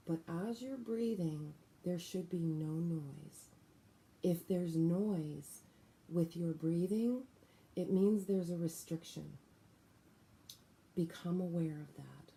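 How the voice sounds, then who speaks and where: Woman, breathwork teacher, unhurried, very mellow dark tone, calm deliberate guidance. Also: on the low side. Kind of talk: guided breathing lesson.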